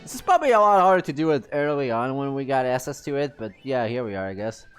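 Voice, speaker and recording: A man streaming a role-playing game live, chatting through it in a chatty, self-amused way. His pitch swings freely up and down, and faint music plays in the background. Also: lively intonation, quick pace, clear, resonant tone. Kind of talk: live gameplay commentary.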